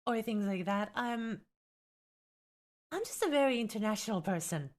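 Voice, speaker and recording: A woman's voice: medium pitch, lively intonation, moderate pace. A young woman with a light Finnish accent, streaming live as a tabletop game content creator, chatting with viewers in a teasing way and reading from a rulebook. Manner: chatty, reacts to viewers, teasing, exasperated laughs.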